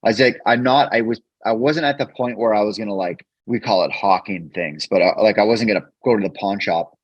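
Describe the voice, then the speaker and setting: A man with a fairly low voice tells a personal story in an earnest, halting way, often stumbling over and repeating his words. The sound is dry and a little dull, recorded close on a podcast mic. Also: husky, no echo. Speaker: podcast guest.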